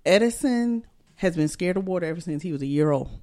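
A middle-aged woman co-hosting a casual chat in a studio, telling stories in an animated way and laughing often. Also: fairly low pitch, quick pace. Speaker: podcast co-host.

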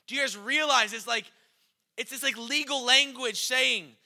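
A man preaching a sermon, passionate and building to shouts before easing into conversational teaching. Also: very high voice, moderate pace. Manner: impassioned, rising to shouts then dropping to conversational teaching.

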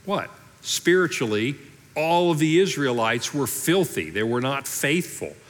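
A man's voice: mid-range voice, very animated, measured pace, a bit bright, in a large hall. A man preaching a sermon as pastor, in a conversational way, briefly voicing people from the story he tells. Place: church auditorium.

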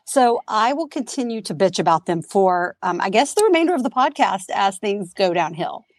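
A woman's voice: mid-range voice, expressive, normal speed, no echo. A woman co-hosting a podcast in casual chat, chatty, rambling and self-mocking. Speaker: podcast co-host.

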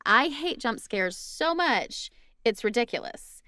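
A woman's voice: on the high side, animated, slow, sharp tone, clean tone, no echo, clean studio sound. A woman in a casual chat, giving emphatic opinions. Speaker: guest.

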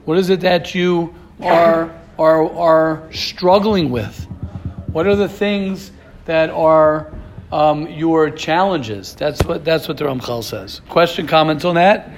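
A man with a high, light voice leads an informal Torah class. He talks in a loose, conversational way, stacks rhetorical questions one after another and often restarts his sentences. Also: slow, slight background noise.

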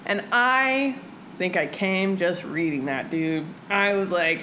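A young adult woman hosting a podcast, chatting casually about a book, animated and full of swearing and "like". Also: fairly low pitch, slow, slight background noise, low-quality recording. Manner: animated, swears freely, lots of "like". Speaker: podcast host.

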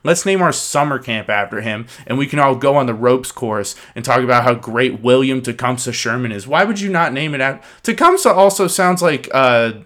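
A young man hosting a casual podcast, talking fast and profanely as he rants and mocks people. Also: mid-range voice, a bit bright. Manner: profane, ranting, mocking. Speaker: podcast host.

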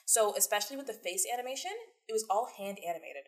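A woman talking fast in a relaxed podcast chat, at a middle pitch for a woman. She piles up fillers and rushes from point to point with eager energy. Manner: rapid, animated, lots of fillers. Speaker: podcast co-host. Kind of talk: casual chat.

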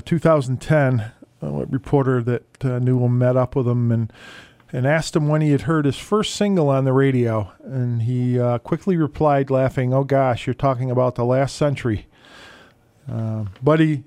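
A man hosting a radio music show, telling stories between records in a relaxed, halting way with many fillers. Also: mid-range voice, no echo.

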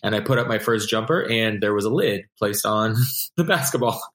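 A man's voice: on the low side, normal speed. A man in his forties chatting casually, telling stories and acting out what other people said. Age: 40s. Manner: animated storyteller, acts out other people's lines. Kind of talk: casual chat. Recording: roomy echo.

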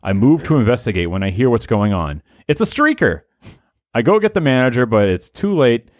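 Animated male podcast host reading scripts. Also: mid-range voice, quick pace, no room sound, clean studio sound. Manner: laughs often while reading. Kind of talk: reading listener-written comedy scripts aloud.

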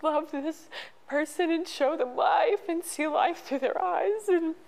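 A middle-aged woman telling a personal story as an interview guest, halting and emotional, with many restarts. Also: extremely high pitch, gravelly, a little mellow, low-quality recording. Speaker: podcast guest.

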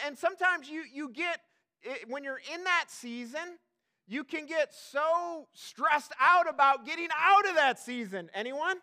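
A man's voice: extremely high pitch, bright, forceful tone. A young adult man preaching a sermon as pastor, chatty and self-deprecating, with many fillers and restarts.

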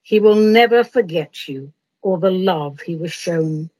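A woman's voice: high-pitched, sing-song, slow pace, full character voice, rough recording. A woman voicing a kindly old male medium who speaks in soothing, sweet tones.

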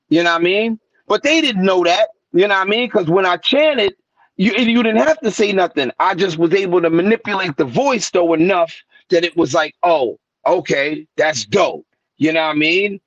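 A man tells his stories in a lively way, higher-pitched than most men, and jumps up in pitch whenever he quotes someone. His voice comes through a dull, lo-fi web call with a dry, close sound. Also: normal speed, dry recording. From New York. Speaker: guest rapper. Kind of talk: casual storytelling interview. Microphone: remote call mic.

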